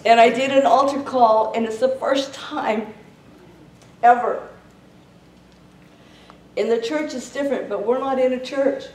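A woman preaching a sermon in a fervent manner, her storytelling rising into shouted prayer. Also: high voice, fairly even intonation, a little slow, pauses often. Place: church sanctuary. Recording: roomy church sound from a distance.

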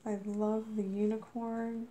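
A woman vlogger, a little under the weather, gushing as she opens mail, with a squeaky voice. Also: flat delivery, slow pace, mellow. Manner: gushing, effusive. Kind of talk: casual unboxing chat.

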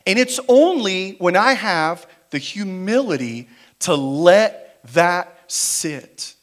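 A man preaching a sermon in a church, moving between quiet, slow emphasis and louder, driven passages. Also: high-pitched, expressive. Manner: dynamic preaching, shifting between quiet emphasis and raised intensity. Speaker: pastor. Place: church sanctuary.

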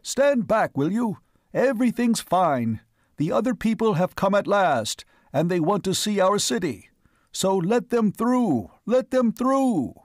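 A man's voice: high voice, sing-song, slow, few pauses, darkish tone, dry recording, studio quality, pitched above the performer's own voice, full character voice. A man voicing a pompous, jovial male small-town mayor, raising his voice to order a crowd back in an audiobook. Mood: bellowing. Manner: bellowing commands to a crowd.

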